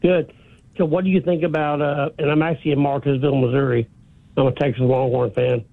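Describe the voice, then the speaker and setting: Gravelly male caller on a tinny phone. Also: a little high, level tone, fairly quick, no room sound. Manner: friendly, asks direct questions. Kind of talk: call-in question. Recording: tinny dry phone line.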